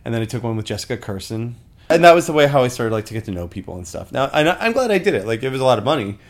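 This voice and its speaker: A man in his thirties, a stand-up comedian, telling stories animatedly in casual conversation. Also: medium pitch. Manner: fast, animated storytelling with laughs. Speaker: comedian guest.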